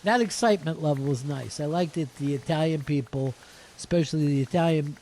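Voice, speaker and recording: A man's voice: a little high, brisk, warm tone. A man co-hosting a casual sports podcast, teasing his friends with a lot of swearing. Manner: profane, teasing. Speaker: podcast co-host.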